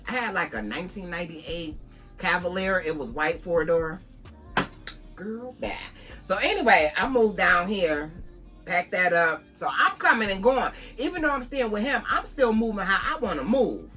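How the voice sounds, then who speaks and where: A woman's voice: fairly low pitch, sing-song, normal speed, pushed and bright, faint music behind. A woman from Buffalo, New York, vlogging a casual storytime to her viewers, talking conversationally and calling her listeners "girl".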